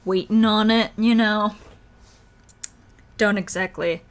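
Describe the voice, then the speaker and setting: A woman's voice: mid-range voice, normal speed. A woman streamer reading a story game aloud and commenting in a chatty way, with lots of fillers.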